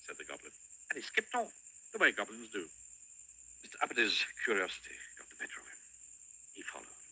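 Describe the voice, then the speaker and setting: A man narrating a children's storybook with a highly expressive, swooping delivery. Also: fairly quick, pauses often, breathy edge, rough recording. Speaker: audiobook narrator.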